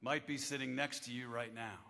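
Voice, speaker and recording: A man in his fifties, a chaplain giving a devotional address to lawmakers in a wry, measured storytelling manner, at a podium microphone in a large chamber. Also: mid-range voice, steady tone, gravelly, sharp tone. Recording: echoey hall with long reverb.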